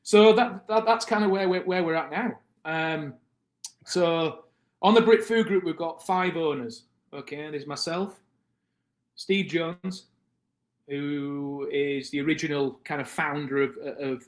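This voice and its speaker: A British man in his thirties tells a long story on a podcast and jumps into the voices of the people in it. His voice sits a little high for a man. The room around him is echoey. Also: measured pace. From Britain. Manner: animated, acts out the voices of people in his stories. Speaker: podcast guest. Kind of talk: casual storytelling.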